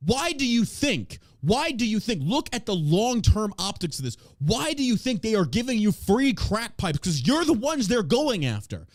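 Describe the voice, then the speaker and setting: A male podcast host rants with a sarcastic, profane edge. His voice swings widely in pitch and sits a touch high for a man. The recording is close and dry. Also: very animated, normal speed, hardly any pauses, dry recording. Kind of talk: casual political rant.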